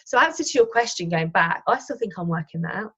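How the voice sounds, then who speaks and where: A woman's voice: medium pitch, animated, fast talker, a bit bright, husky, lo-fi sound. A woman, a wellness coach, chatting as a guest in an interview and telling personal stories with many restarts and self-corrections. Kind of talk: casual conversational interview.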